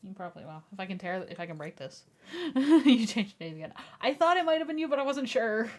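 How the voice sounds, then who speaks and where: A young woman streamer in casual livestream chat at home, laughing often and talking in a soft, coaxing way. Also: fairly high pitch, big pitch swings, brisk. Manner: giggly, laughs often between sentences; soft, coaxing voice when calling her dog. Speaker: live streamer.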